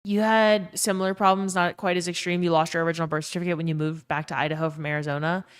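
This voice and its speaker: A woman's voice: fairly low pitch, level tone, fast talker, clean tone. A young woman with a Southern US accent chatting casually on a live stream, swearing freely and reading out chat messages. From Louisiana.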